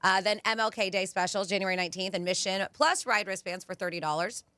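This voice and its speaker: Radio host lady, chatty, bright lively voice, dry studio sound. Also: mid-range voice, fast talker, no echo. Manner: chatty, reads out event details with asides. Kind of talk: casual radio chat.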